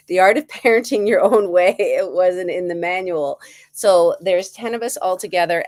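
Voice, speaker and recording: A woman hosting a relaxed group chat, telling family stories with a lot of laughter. Her voice sits a little low. The sound is close and dry. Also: no room sound. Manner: laughing, animated storyteller. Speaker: host. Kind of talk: casual storytelling chat.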